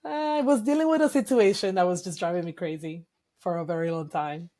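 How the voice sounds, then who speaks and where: A woman's voice: lowish voice, a little fast, dark tone. Reflective woman. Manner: reflective, emotional, hesitant with fillers. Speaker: guest. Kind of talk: candid personal interview.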